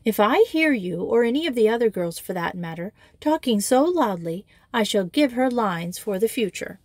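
A woman reading aloud voices a prim schoolmistress scolding girls for shouting. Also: medium pitch, lively intonation, moderate pace, no echo, natural voice. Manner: scolding, dismayed. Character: shocked, strict young schoolmistress.

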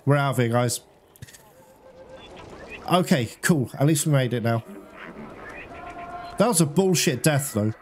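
A man's voice: mid-range voice, expressive, measured pace, long pauses, slight background noise. A man giving casual let's-play commentary, chatting to his viewers, laughing and swearing often. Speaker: gaming streamer.

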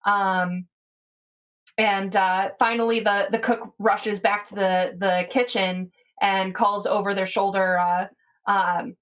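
A woman's voice: medium pitch, little pitch movement, takes it slowly, a bit bright. A woman narrating as game master in a tabletop game, talking loosely with plenty of fillers.

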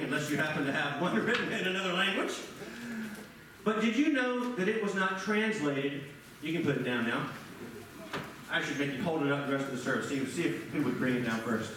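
Animated preacher in an echoey church. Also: male voice, fairly high pitch, noisy background. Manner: animated, rhetorical questions, addresses congregation by name. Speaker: pastor. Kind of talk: sermon. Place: church sanctuary. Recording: echoey church room, mic at a distance.

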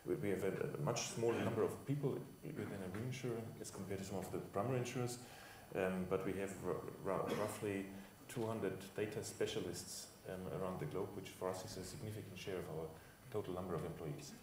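Deep-voiced man, measured panel answer. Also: fairly even intonation, darkish tone, slight background noise. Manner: measured and explanatory, with hesitant fillers. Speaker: reinsurance executive panelist. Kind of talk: conference panel discussion. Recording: roomy panel hall from far off.

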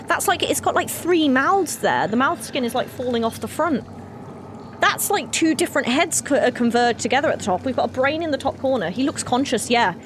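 A woman streaming a horror game, chatting excitably with her viewers and swearing freely. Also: sits high, a little fast, slight background noise.

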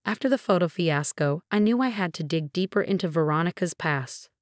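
A woman narrating a first-person story in an even, steady way. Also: on the low side, brisk, dry recording, studio quality.

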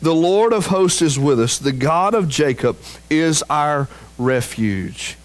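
Slow, emphatic preaching man. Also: animated, rough recording. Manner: slow, emphatic preaching that climbs in pitch and force at peaks; drops to a low, quiet voice on key phrases. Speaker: pastor. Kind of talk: sermon.

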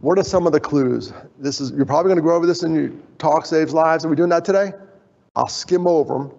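A man's voice: fairly high pitch, fast talker, creaky, darkish tone. A man giving a storytelling conference talk, animatedly acting out the voices of the people he quotes. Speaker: conference speaker. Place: conference hall. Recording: echoey hall, dull sound.

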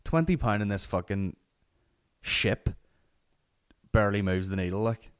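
A man's voice: lowish voice, lively intonation, unhurried, clean tone. A young Northern Irish man hosting a solo comedy podcast, telling a rambling, sweary anecdote. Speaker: podcast host.

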